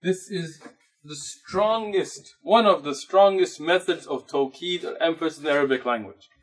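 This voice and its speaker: A fairly high-voiced man leads an Arabic grammar lesson in a mosque classroom, lecturing patiently and blending Arabic terms into his English explanations. When he reads Arabic passages, he rattles them off quickly.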